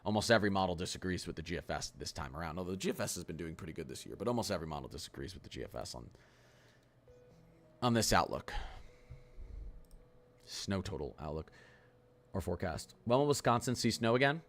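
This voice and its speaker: A man giving a casual livestream weather forecast, talking quickly and excitably as he chats through model maps. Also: low-pitched.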